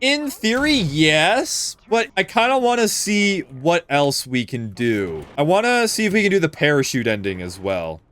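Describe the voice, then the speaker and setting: A man's voice: on the high side, big pitch swings, unhurried, hardly any pauses, a bit bright. A man streaming a speedrun, giving loose live gameplay commentary, swearing freely and talking to his chat.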